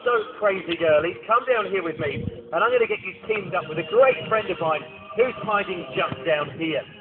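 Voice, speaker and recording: Jokey falconry presenter, high voice. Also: male voice, lively intonation, moderate pace. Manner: jokey, cheerful, coaxing children. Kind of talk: live outdoor show commentary with audience. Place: outdoor arena at a castle. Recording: tinny phone-like camcorder audio with music behind.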